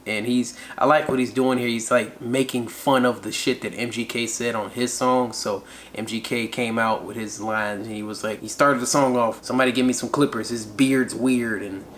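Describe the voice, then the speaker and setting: A man's voice: mid-range voice, fairly even intonation, normal speed, hardly any pauses, fairly bright tone, slight background noise. A man hosting a casual song review, laid-back and slangy, chuckling often as he talks. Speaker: music reaction channel host. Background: hip hop track playing.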